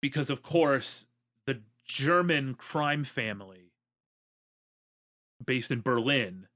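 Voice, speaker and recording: A man's voice: medium pitch, animated, takes it slowly, a bit bright. A man co-hosting a podcast, walking through a movie plot casually with jokes and a wry tone. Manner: joking, wry storyteller, many "um"s. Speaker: podcast co-host. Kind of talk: casual movie recap chat.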